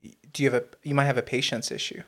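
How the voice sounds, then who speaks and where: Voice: medium pitch, little pitch movement, very fast, a bit bright. A podcast co-host chatting casually in a blunt, joking way with plenty of swearing. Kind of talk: casual chat.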